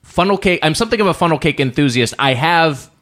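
A man from Southern California co-hosting a podcast with dry, quick-witted banter. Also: on the high side, expressive, a bit bright. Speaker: podcast host. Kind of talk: casual chat.

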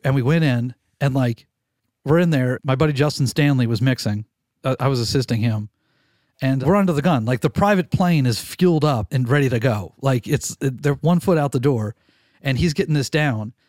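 Male studio engineer guest, candid and profane, lively storyteller, close and dry. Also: medium pitch, moderate pace, dry recording. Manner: animated, candid storyteller who swears casually and restarts sentences. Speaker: recording engineer, podcast guest. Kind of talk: casual storytelling interview.

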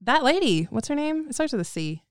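A woman's voice: high-pitched, very animated, brisk, no echo, studio quality. A woman co-hosting a casual podcast, chatty and explaining at length with frequent laughs. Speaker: co-host.

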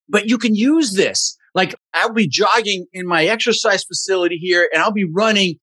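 A real estate investor appears as a podcast guest, delivering energetic interview talk that's emphatic, motivational, blunt and a little profane. His high-pitched voice has a sharp tone and a breathy edge, at normal speed with no echo.

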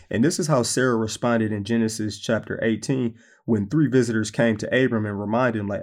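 Gravelly-voiced male preacher. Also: lowish voice, fairly quick, hardly any pauses. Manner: conversational, animated storytelling. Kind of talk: sermon.

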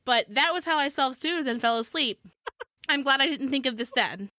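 A woman co-hosting a podcast, telling a long story in a rambling, animated way, full of fillers and laughs. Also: high voice, normal speed, no echo, clean studio sound. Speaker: podcast co-host. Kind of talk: casual chat.

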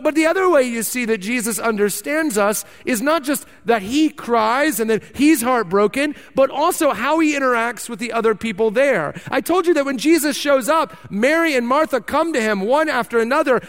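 A man preaching a sermon as pastor, emphatic and animated, repeating words for stress. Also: very high-pitched. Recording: long reverb of a large hall.

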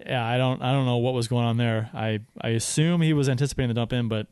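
A man's voice: mid-range voice, fairly even intonation, quick pace, a little mellow, clear, resonant tone, no room sound, clean studio sound. A man co-hosting a casual hockey podcast, rambling with many restarts. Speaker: podcast co-host.

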